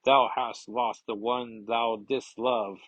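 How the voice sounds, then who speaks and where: A man voicing a solemn male thunder god who speaks slowly in old-fashioned, formal words, with a husky voice. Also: medium pitch, level tone, fairly bright tone, dry recording, low-quality recording.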